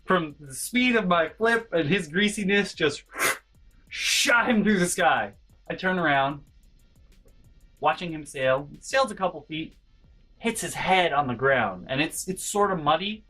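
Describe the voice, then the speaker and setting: A young man telling a story about his school days in a casual, animated way, dropping to low mutters and jumping to sudden high yelps. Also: moderate pace. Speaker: storytelling vlogger. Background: faint background music.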